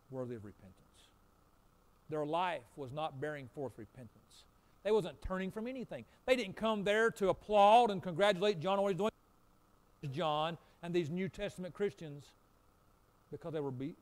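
A pastor preaching in a fairly high voice. He drives home points with repetition, rising loud and forceful, then dropping to hushed, low asides. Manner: swings between loud emphatic preaching and quiet low asides. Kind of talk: sermon.

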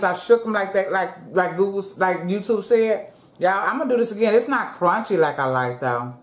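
A woman hosting a casual eating show from her home, chatting to viewers in a relaxed way and calling them "y'all". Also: medium pitch. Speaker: mukbang vlogger. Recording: roomy echo.

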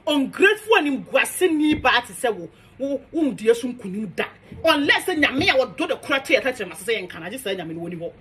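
A young woman with a Ghanaian accent rants in a high, bright voice. Her pitch leaps all over the place as she scolds with defiant emphasis. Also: big pitch swings, fairly quick, few pauses, breathy edge. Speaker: social media commentator. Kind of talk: heated monologue rant.

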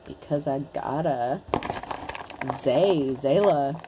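A woman's voice: low-pitched, very slow, noisy background. A woman in her thirties giving a casual tarot reading in a blunt, chatty way, swearing freely. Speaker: tarot reader.

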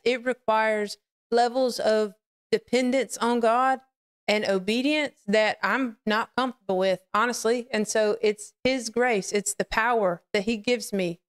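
A woman with a medium-pitched, clean-toned voice hosts a live-streamed faith podcast. She talks candidly and rambles, greeting her chat and sharing personal reflections.

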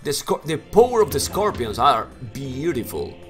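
A man with a Spanish first language casting a strategy game live in broken English, getting excited and shouting at big plays. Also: medium pitch, moderate pace, faint music behind. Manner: non-native English with broken grammar. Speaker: game caster. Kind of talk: live esports commentary.

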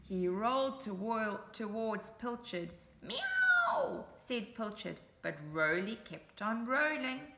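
A woman reading a picture book aloud to young children, with lively asides pointing things out on the page. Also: mid-range voice, slow, hardly any pauses, roomy sound, slight background noise. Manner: animated, chatty asides to young listeners. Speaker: storybook reader. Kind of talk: children's story read-aloud.

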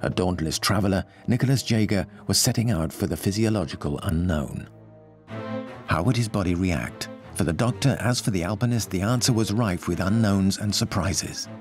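Low-voiced male documentary narrator. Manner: measured, explanatory. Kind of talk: scripted narration. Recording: faint music behind.

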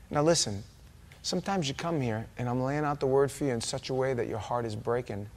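Speaking a little fast in a mid-range voice, a pastor gives a relaxed Bible-study sermon in his church sanctuary, bantering and joking with those gathered.

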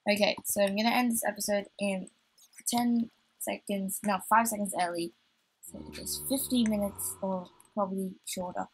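A woman's voice: medium pitch, breathy edge, poor audio. A woman hosting a let's play, chatting to herself as she plays and getting easily startled. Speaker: gaming channel host.

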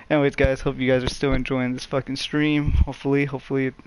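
A man's voice: mid-range voice, a little hiss or hum. A young man streaming a game live, chatting casually with friends, swearing and laughing often. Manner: profane, laughing, excitable banter. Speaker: livestreamer. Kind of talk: casual gaming livestream chat.

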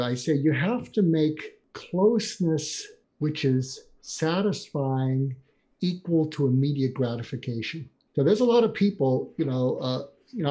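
An older man, a psychiatrist guest in a conversational interview, telling animated stories and acting out quoted dialogue. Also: on the high side.

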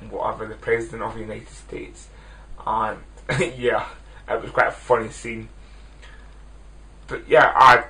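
A man's voice: medium pitch, fairly bright tone, rough recording. Rambling young man reviewing a film. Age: 20s. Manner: rambling, self-deprecating, many restarts. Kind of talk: casual video review.

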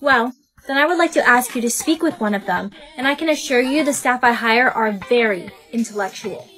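A synthetic woman's voice reading the lead roles of short POV skits in an even, machine-like way. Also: a little high, fairly quick, rough recording. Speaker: text-to-speech storyteller. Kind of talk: text-to-speech POV skit narration.

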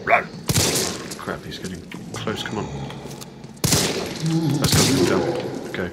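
A man's voice: sits low, measured pace, vocal fry, heavy background noise. A man giving casual, playful let's-play commentary on a horror game, chatting to viewers as he plays. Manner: playful, chatty, talks to viewers while playing. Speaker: gamer playing through a horror game.

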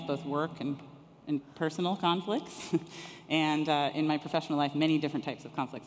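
A woman panelist introducing herself and telling a story in a relaxed manner at a conference. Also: deep voice, a little hiss or hum. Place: conference room with audience. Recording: echoey conference hall.

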